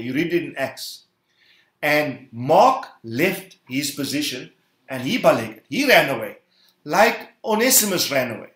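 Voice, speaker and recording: A man's voice: mid-range voice, fairly bright tone, roomy sound. A man preaching a sermon, punching key words with sudden emphasis and calling on the congregation to repeat after him. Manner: emphatic, rising bursts, calls the congregation to repeat. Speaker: pastor.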